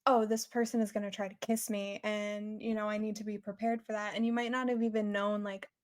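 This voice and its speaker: A woman's voice: medium pitch, flat delivery, a little fast. A woman in her twenties, a podcast guest, talking reflectively and supportively in casual chat, full of fillers.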